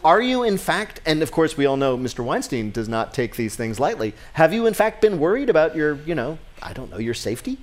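A man's voice: fairly high pitch, sing-song, brisk, hardly any pauses. A man hosting a public radio comedy quiz show, interviewing a guest in a joking way and laughing often.

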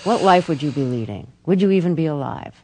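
A woman interviewing a guest and then announcing a closing note in a measured way. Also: low-pitched, lively intonation, noisy background. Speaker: radio interviewer.

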